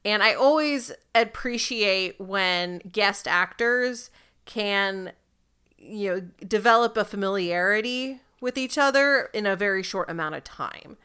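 A woman co-hosting a podcast, calmly explaining her reading of a TV episode in casual chat. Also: mid-range voice, unhurried, clean tone. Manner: thoughtful, explains her view at length. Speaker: podcast co-host. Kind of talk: casual chat recapping a TV show.

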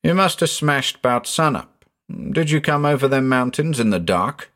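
A man voicing an excitable rustic farmer who talks in folksy backcountry speech with an excited quaver. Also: mid-range voice, moderate pace, voice pushed up, natural voice. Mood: astonished.

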